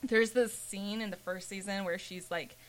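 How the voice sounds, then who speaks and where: A young woman hosting a casual podcast chat, talking in an animated way and swearing casually. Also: mid-range voice, normal speed. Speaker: podcast host.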